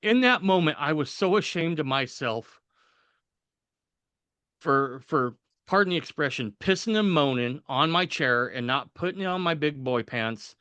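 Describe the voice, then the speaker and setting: A man's voice: fairly high pitch, lively intonation, unhurried, pushed and bright, smooth, no room sound. A man guest on a podcast telling a personal story, animatedly acting out the voices of people he quotes and chuckling at the funny parts.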